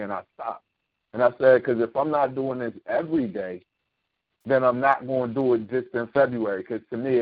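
A man with a mid-range voice hosts a casual talk show, emphatically laying out his views and often asking "you know what I mean?". The recording is dry and thin, almost like it came through a phone.

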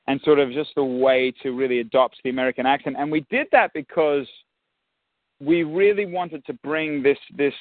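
A man's voice: a little high, fairly even intonation, normal speed, no room sound, phone-quality sound. Aussie guy guesting on a podcast, thoughtful, lots of restarts, dry phone-ish sound. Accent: Australian. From Australia. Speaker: musician and actor, guest. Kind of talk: casual interview.

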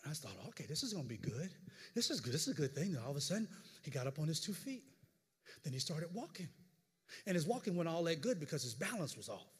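High-voiced pastor preaching in a reverberant hall. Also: male voice, quick pace, husky. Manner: animated storytelling with stammered repeats. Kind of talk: sermon.

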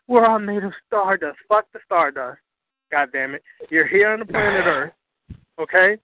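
A man's voice: high voice, no echo. A man giving an impassioned, profane lecture on spirituality, preaching and hammering his points home. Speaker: spiritual teacher. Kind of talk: impassioned lecture on a call-in broadcast. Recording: dry tinny phone line.

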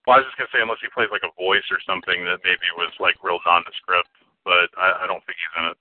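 A man talks loosely about movies, circling back and repeating himself as he hunts for the right words. His voice sits low and even. The sound is thin and tinny, like a phone line. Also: fast, dry recording. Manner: rambling, repeats words while searching for them. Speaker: podcast co-host. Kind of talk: casual film chat.

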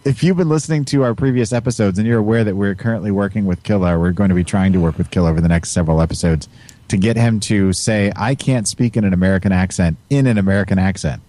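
A man's voice: lowish voice, fast talker, warm tone. A man hosting a podcast, rambling and joking with a giggly, casual manner. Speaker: podcast host. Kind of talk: casual chat.

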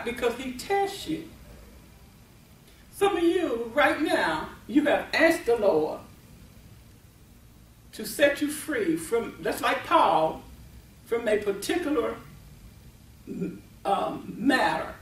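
A woman's voice: fairly high pitch, very animated, slow, long pauses. A woman preaching a sermon at a deliverance meeting, emphatic, laughing often and repeating and restarting her words. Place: meeting venue. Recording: echoey room, voice from far off.

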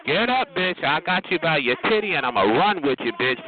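A man's voice: on the high side, very animated, a little fast. A man trash-talking over a phone chat line in a sassy, taunting manner. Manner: sassy, taunting, repeats "bitch" and "honey". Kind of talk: aggressive phone trash talk. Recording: tinny phone line with loud hiss.

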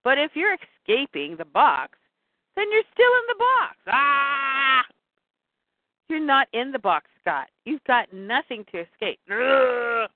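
A woman's voice: a little high, big pitch swings, normal speed, no echo, narrow, tinny audio. A woman voicing a headstrong, practical warrior wife who talks insistently and lectures. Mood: lecturing.

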